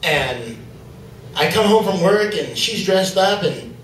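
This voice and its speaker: A male stand-up comedian with a fairly high voice tells a loose, rambling set, full of fillers. The sound is roomy and distant, picked up from far off in a comedy club, with faint noise behind him. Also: animated, slow pace, a bit bright.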